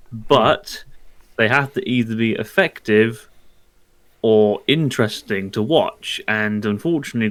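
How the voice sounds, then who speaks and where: A man's voice: lowish voice, no room sound. A man giving blunt, opinionated takes as a guest in a casual group chat. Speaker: podcast guest.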